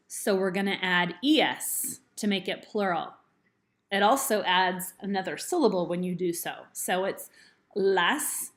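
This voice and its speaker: Woman teacher, recorded grammar lesson, slow unhurried delivery, mid-pitched voice, careful explaining. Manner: slow, deliberate explaining with spelled-out examples. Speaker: Spanish teacher.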